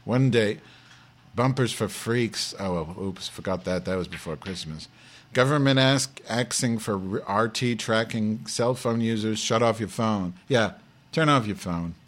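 A man's voice: lowish voice, unhurried, fairly bright tone. A man playing a brash, foul-mouthed Jewish woman who hosts a live online show, ranting and rambling in improvised comedy. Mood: grumbling. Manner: profane, abrasive, rambling rants.

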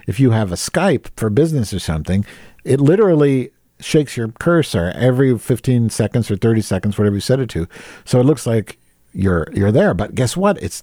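Lively, foul-mouthed male podcast ranter. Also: on the low side, no echo, clean studio sound. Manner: rambling, crude and sarcastic. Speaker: podcast host. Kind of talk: solo profane rant.

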